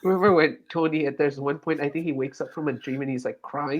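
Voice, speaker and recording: A man appearing as a podcast guest, chatting casually and animatedly, quick to quote scenes. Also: on the high side, steady tone, lo-fi sound. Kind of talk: casual discussion.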